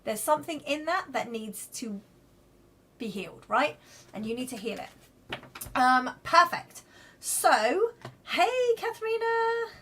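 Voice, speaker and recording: A woman's voice: high voice, lively intonation, slow pace, pauses often, sharp tone, slight background noise. A woman giving live card readings to viewers in a chatty, reassuring way, checking in often with "okay?" and "right?". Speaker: card reader.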